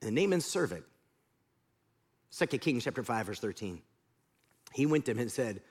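A man preaching a sermon, telling the story in an animated way and swinging from loud to hushed. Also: mid-range voice, normal speed, long pauses, slightly rough. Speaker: pastor.

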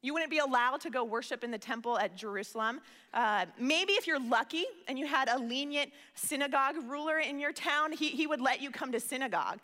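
A woman's voice: sits high, fairly quick, pushed and bright. A woman giving a sermon in an earnest, conversational way, often repeating words as she starts a phrase. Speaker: preacher. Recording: reverberant hall.

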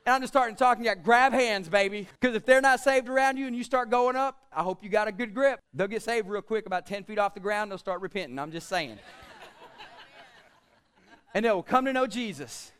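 A male pastor with a strikingly high voice preaches, building to loud, emphatic declarations before dropping into quieter, joking asides. His tone is smooth and resonant, and he quotes scripture with rising force. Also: a little fast. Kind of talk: sermon.

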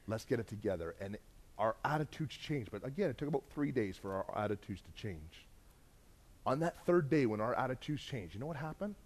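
A man preaching a sermon, telling a lively mission-trip story and acting out the other people's voices. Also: mid-range voice. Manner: animated, acts out quoted voices, laughs while telling.

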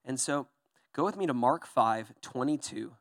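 A young man preaching a sermon in a casual, chatty way, often pausing to ask his listeners "okay?" or "right?". He tells the Bible story with lively swings in pitch and playful put-on voices for its characters. His voice sounds dry and close to the mic. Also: no room sound. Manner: animated storyteller, acts out voices in Bible passages; conversational, frequent "okay?" and "right?". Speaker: pastor.

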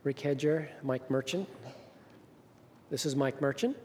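A man preaching a sermon as pastor, telling a story with emphatic rises and soft drops. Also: mid-range voice, a little slow, a little hiss or hum. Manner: storytelling, rising to emphatic peaks then dropping soft. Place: church sanctuary. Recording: reverberant hall.

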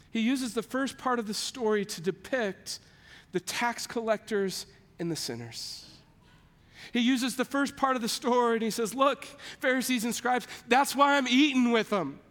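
High-voiced preacher in a reverberant hall. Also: male voice, a bit bright. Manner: storytelling preacher who acts out the characters' lines. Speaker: pastor. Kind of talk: sermon.

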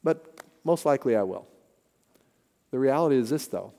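A man's voice: mid-range voice, animated, normal speed, vocal fry, dark tone. A middle-aged man preaching a sermon as a pastor, earnest and conversational, weaving in personal stories. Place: church sanctuary. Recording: church hall with long reverb.

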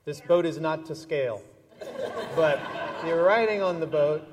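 A man leading a children's message in church, telling an animated, playful story with toys. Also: on the high side, measured pace, a crowd in the background. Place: large church sanctuary. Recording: long church reverb.

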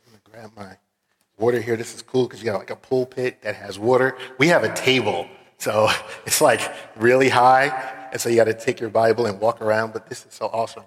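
A guest preacher from Philadelphia, USA, delivers a sermon in a fairly low voice, speaking fairly quickly with fairly even intonation. He's earnest and conversational, using casual fillers as he tells stories, and the church sanctuary gives a long hall reverb.

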